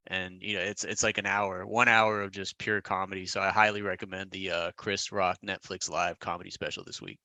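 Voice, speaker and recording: A male podcast co-host with a fairly low voice that has a bright, forceful edge. He talks in an easy, advising way and often restarts his sentences. The sound is dry and close, over a video call. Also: brisk, few pauses, no room sound. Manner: relaxed, advising, with frequent restarts. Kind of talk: casual podcast chat. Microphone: recorded over a video call.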